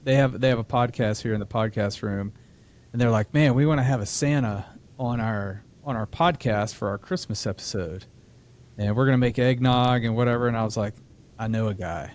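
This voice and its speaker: A man's voice: mid-range voice, brisk, a little mellow. Laughing Midwestern man telling a story. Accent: American Midwest. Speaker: podcast co-host. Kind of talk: casual podcast chat.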